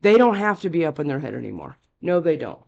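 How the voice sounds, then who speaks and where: A woman's voice: low voice, sing-song, fast, creaky, darkish tone, lo-fi sound. A woman giving a casual tarot reading, talking bluntly and chattily, scolding and cursing freely. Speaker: tarot reader.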